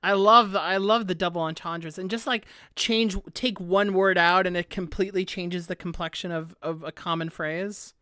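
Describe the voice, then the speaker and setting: A woman's voice: fairly low pitch, fairly even intonation, normal speed, few pauses, bright, forceful tone, dry recording. Rambling woman streamer, dry close sound. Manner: rambling, heavy use of "like" fillers, frequent laughter. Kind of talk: casual live-stream chat.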